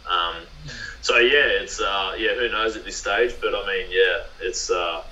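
A low-pitched man with an Australian accent, a professional beach volleyball player, chats in a podcast interview at a measured pace with a sharp tone, rambling through many fillers and restarts. The sound is lo-fi with a little hiss or hum, from a roomy, distant mic.

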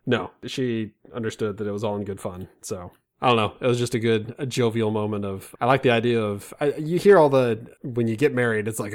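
A man's voice: on the low side, brisk, few pauses. A man in his thirties, co-hosting a comedy podcast, telling self-deprecating stories and slipping into silly voices. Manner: self-deprecating, animated storyteller with put-on voices. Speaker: podcast co-host. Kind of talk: comedic banter.

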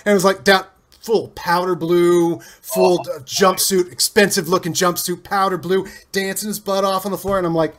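Male interview guest, from Cincinnati, chatty and digressive, slightly higher pitch. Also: moderate pace, few pauses. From Cincinnati, USA. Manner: rambling, animated anecdotes with self-corrections. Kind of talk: casual interview storytelling.

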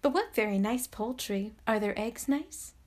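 A woman's voice: a little high, lively intonation, measured pace, a little mellow. A woman voicing a curious little girl princess in a storybook reading, asking eager, wondering questions.

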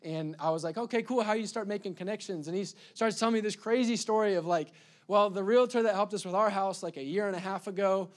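High-voiced energetic male pastor. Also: fast. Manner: energetic, stumbling restarts, sudden loud bursts. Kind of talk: sermon.

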